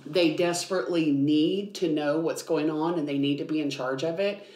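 A woman's voice: deep voice, moderate pace, a little mellow, a little hiss or hum. A woman biblical counselor explaining things earnestly in a podcast conversation, with frequent ums. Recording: roomy echo.

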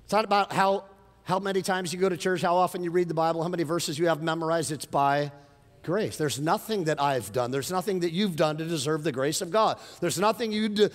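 A middle-aged male pastor delivers a sermon in a slightly high voice, animated and storytelling, building to emphatic lines. His voice rings out with a long reverb from a large church hall. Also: a little fast.

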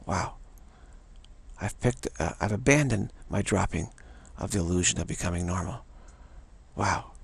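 Speaking in a low, gravelly, husky voice, this man delivers a slow dharma talk as a spiritual teacher. He repeats himself, restarts often, and keeps returning to a softly chanted "wow."

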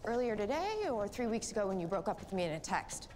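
A woman's voice: medium pitch, sing-song, fast talker, a crowd in the background, natural voice. A woman playing a curt police detective.

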